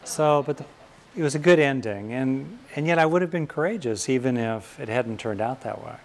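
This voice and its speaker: An older American man from California giving a thoughtful, reflective talk on fear and courage, pausing often and rising in emphasis on key points. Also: mid-range voice, expressive.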